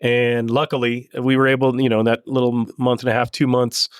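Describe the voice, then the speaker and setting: A middle-aged man from California, a land speed racer, telling stories in a casual interview in an earnest, halting way with many restarts. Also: medium pitch, little pitch movement, clear, resonant tone, dry recording.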